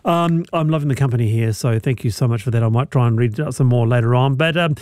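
A man's voice: medium pitch, fast talker, darkish tone, no echo. A man hosting a radio show in a studio, chatty and playful with some hesitant restarts. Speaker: radio host. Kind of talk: casual radio chat. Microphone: studio microphone.

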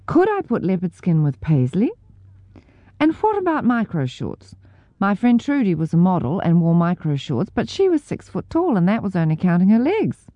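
Low, lively New woman narrating wryly. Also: dry recording, dull audio. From New Zealand. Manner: wry, self-mocking humor. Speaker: memoir narrator. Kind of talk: scripted audiobook narration.

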